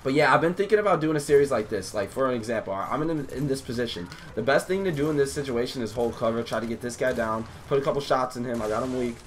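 A young man, a gaming YouTuber, giving slangy, hyped live commentary over his own match, with loud outbursts at the action. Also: mid-range voice, fast talker, few pauses, a little hiss or hum.

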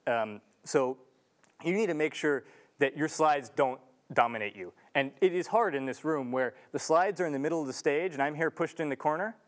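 A man's voice: a little high, expressive, moderate pace. A young man giving an earnest, casual talk to an audience in a large lecture room, with restarts and filler ums. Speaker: student speaker.

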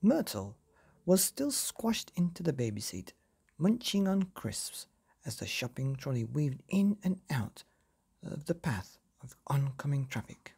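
A man hosting a bedtime story podcast, reading a children's chapter gently and playfully, with sound effects. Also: medium pitch, sing-song, measured pace, gravelly, slightly rough.

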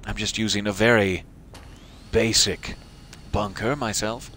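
A man's voice: lowish voice, fairly even intonation, a little slow, bright, forceful tone, a little hiss or hum. A man giving casual let's-play commentary, rambling with self-deprecating asides. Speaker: gameplay commentator.

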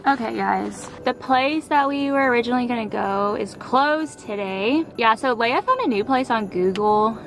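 A woman's voice: a little high, normal speed, hardly any pauses, background noise. A woman in her twenties, from Texas, chatting casually to camera as a tired vlogger who says "like" and "literally" a lot. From Texas, United States. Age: 20s. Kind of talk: casual vlog chat.

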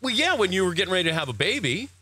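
A man's voice: high-pitched, very animated, racing, sharp tone, slightly rough, no echo. A man hosting a sports talk show, teasing his guest with playful banter on a set at a golf tournament. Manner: playful, ribbing, laughs often. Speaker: sports radio host.

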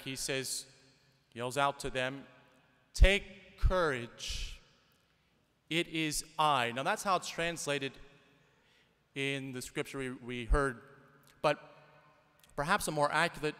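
Conversational priest in an echoing church. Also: male voice, medium pitch, pushed and bright, clear, resonant tone. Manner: conversational, storytelling with rhetorical questions. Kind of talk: sermon. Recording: long church reverb.

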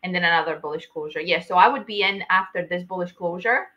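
A woman with a bright, sharp voice hosts a live trading stream and chats in an animated way. The sound is dull and lo-fi, typical of stream audio. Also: on the low side, fast talker. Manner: animated, laughs easily, explains with fillers. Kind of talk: casual trading chat.

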